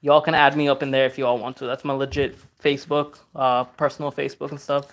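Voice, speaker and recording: A man's voice: mid-range voice, level tone, quick pace, fairly bright tone. A man in his thirties, born in Trinidad, hosting a casual livestream as a car customizing channel host, reading viewer questions aloud in an easygoing, chatty way with frequent laughs. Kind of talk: casual livestream chat answering viewer comments.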